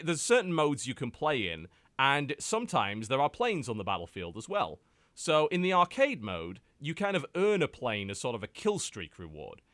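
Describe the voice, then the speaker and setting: A British man hosting a casual podcast, talking about games in an animated, joking way and slipping into playful impressions. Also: fairly high pitch, dry recording. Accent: British English. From United Kingdom. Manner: animated, joking, quick to mimic and exaggerate. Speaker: podcast host. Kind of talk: casual chat.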